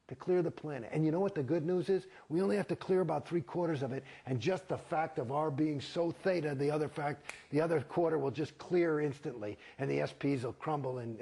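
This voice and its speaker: Gravelly, profane man ranting in interview. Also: mid-range voice, darkish tone. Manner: wry, sarcastic. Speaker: interviewee, actor. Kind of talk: candid interview.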